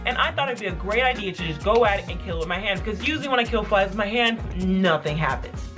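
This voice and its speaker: A young adult vlogger telling childhood stories in casual, animated chat, full of "like". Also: medium pitch, quick pace, over music. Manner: animated, filler-heavy with frequent "like". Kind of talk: casual storytelling to camera.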